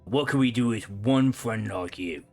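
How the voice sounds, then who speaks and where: A man voicing a huge, menacing male barbarian warrior who talks in a gruff, slangy way. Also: lowish voice, a little slow, soft background music.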